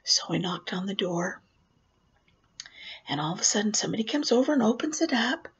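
Her mid-range voice is brisk with a breathy edge, and the recording loses its highs. A working clown, she animatedly shares a personal story, performing the voices and sinking into whispers.

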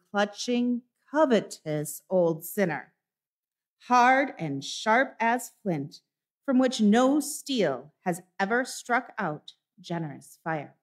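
Brief: woman pastor, deliberate dramatic reading, unhurried pace. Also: medium pitch. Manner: slow, measured dramatic reading. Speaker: minister. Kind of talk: reading a lesson aloud in a church service. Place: church sanctuary.

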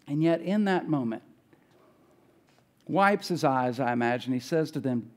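A man preaching a sermon from the pulpit, his voice sitting a little higher than most men's. He talks in an easy, conversational way and slips into the voices of the people in the story. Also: expressive, normal speed, a little mellow. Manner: conversational, acts out voices of biblical characters. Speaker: pastor. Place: church.

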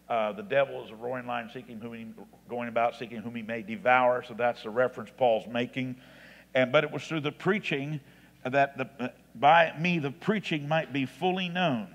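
Halting pastor in an echoing hall. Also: male voice. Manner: halting, with frequent restarts and fillers; grows louder and higher when stressing scripture. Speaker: assistant pastor teaching a Bible class. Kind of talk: informal classroom lecture on preaching. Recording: long reverb of a large hall.

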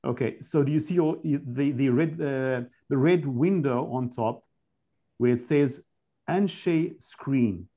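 A man's voice: mid-range voice, slow, dark tone. A man moderating an online session, patiently and insistently repeating instructions. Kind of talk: giving instructions on a video call.

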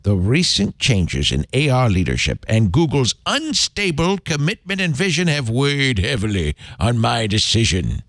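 A man's voice: medium pitch, huge pitch swings, normal speed, few pauses, a bit bright, no echo, studio quality. A man putting on a cranky old man's voice to read out a resignation post, a little back from the mic.

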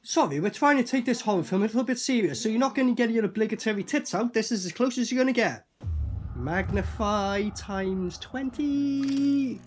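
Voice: mid-range voice, lively intonation, slight background noise. Rambling movie reactor, swearing freely. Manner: rambling, profane, acts out characters in quick asides. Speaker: film reviewer. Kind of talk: casual movie reaction commentary.

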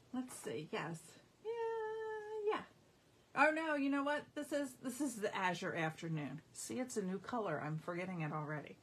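A woman's voice: mid-range voice, breathy edge. A middle-aged woman hosting a casual live craft showcase, gushing enthusiastically over her products. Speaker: craft demonstrator.

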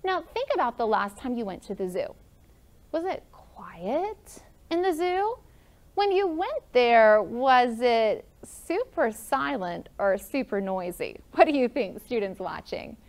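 A woman's voice: a little high, very animated, a little slow, few pauses. A woman teaching a first grade classroom lesson, upbeat and encouraging as she calls on pupils by name. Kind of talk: classroom lesson for students and viewers.

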